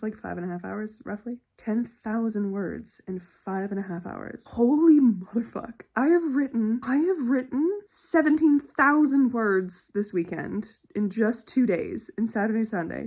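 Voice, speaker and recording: Woman, casual home vlog, chatty, swears a lot, giggly, mid-pitched voice. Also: darkish tone. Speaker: author vlogger. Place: at home, late at night.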